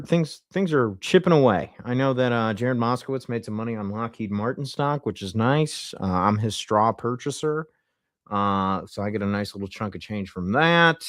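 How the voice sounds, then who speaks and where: A tired man streaming political commentary, talking in deadpan sarcasm as a mock insider. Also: medium pitch, no echo, clean studio sound.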